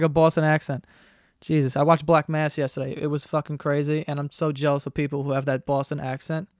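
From his basement bedroom, a man in his twenties hosts a solo podcast full of rambling, casual swearing and self-deprecating humor. His slightly high voice has a clean tone, and the podcast microphone gives studio quality with no room sound.

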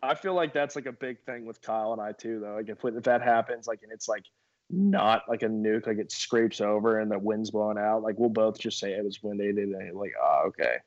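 A man's voice: lowish voice, steady tone, a little fast, no room sound, lo-fi sound. A young man talking casually as a guest, laid-back and laughing often, with many fillers. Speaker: minor league baseball pitcher, guest. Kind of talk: casual podcast chat.

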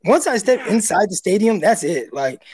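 A man's voice: high voice, very animated, moderate pace, darkish tone. A man on a sports podcast, easygoing and joking, with a slight stammer. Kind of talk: casual sports chat.

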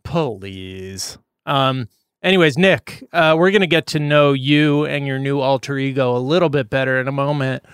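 A man's voice: medium pitch, fairly even intonation, moderate pace, clean tone, no echo, studio quality. A man co-hosting a casual comedy podcast, laughing easily and playfully quizzing his guest. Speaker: podcast co-host.

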